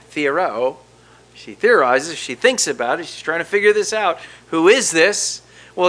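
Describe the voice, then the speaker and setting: A middle-aged man delivers a sermon in a bright, forceful voice pitched a little high. He drops to a near-hush for intimate moments, then rises to loud emphasis as he walks through a scripture text. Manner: expressive preaching, swinging from hushed to loud. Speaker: pastor.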